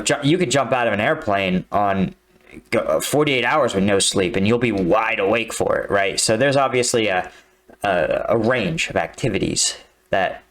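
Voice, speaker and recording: A man hosting a reaction video, talking casually and often checking in with the listener. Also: fairly low pitch. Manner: conversational, leans on tag questions like "right?". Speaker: reaction video host, army combat veteran. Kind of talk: casual commentary.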